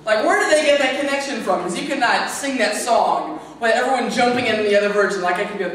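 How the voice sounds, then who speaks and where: A man's voice: very high voice, fast, fairly bright tone. A man doing stand-up comedy at an open mic, with a rambling delivery full of fillers, talking through his own laughs. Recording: echoey room from far off.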